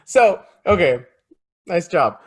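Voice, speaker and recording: A man co-hosting a casual film review podcast, laughing often and animated. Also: sits high, takes it slowly. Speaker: co-host. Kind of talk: casual movie review chat.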